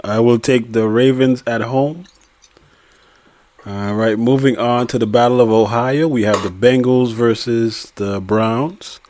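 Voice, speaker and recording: A man's voice: medium pitch, fairly even intonation, unhurried, darkish tone. A man hosting a casual sports podcast, reading out matchups and odds and calling on each co-host for a pick. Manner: leads the segment, reads matchups and odds. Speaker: podcast host running weekly picks. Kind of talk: casual chat.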